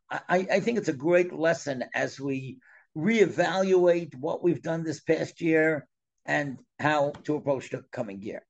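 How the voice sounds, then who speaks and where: A middle-aged man tells a story in a lively conversational way, often dropping his voice soft for effect. His voice is gravelly and husky. He sits slightly above the usual pitch for a man. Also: muffled recording. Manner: animated storyteller with sudden soft drops. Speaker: storyteller guest.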